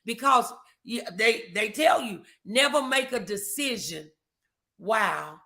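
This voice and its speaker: A woman's voice: fairly high pitch, expressive, takes it slowly, pushed and bright. A woman co-hosting a podcast, giving emphatic faith-based advice, repeating her phrases. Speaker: podcast co-host.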